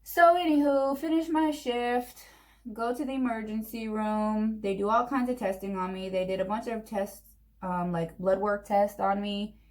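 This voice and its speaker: A young woman telling a long personal story in a chatty, animated way while doing her makeup. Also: mid-range voice, moderate pace. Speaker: vlogger. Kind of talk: get-ready-with-me storytime.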